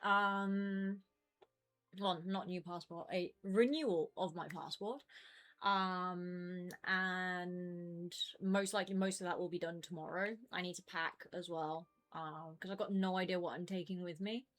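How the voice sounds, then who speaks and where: A woman's voice: fairly low pitch, fairly even intonation, a little slow, a bit bright, soft background music. A young woman in her twenties chatting casually with her stream viewers from home, rambling with lots of fillers. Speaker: game streamer.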